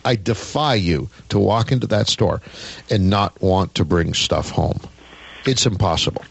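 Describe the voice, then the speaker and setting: A man's voice: sits low, a little slow, creaky, slightly rough, no echo. A man hosting a radio show, chatting in a folksy, casual way with many fillers.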